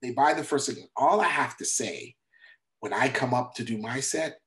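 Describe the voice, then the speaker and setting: A male comedian, middle-aged, sits as a guest and tells a story from his career. His voice sits at a medium pitch, and he keeps acting out the lines of the people in his story, changing his voice for each of them. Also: moderate pace, a bit bright. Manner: acts out other people's lines while telling a story. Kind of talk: animated storytelling interview.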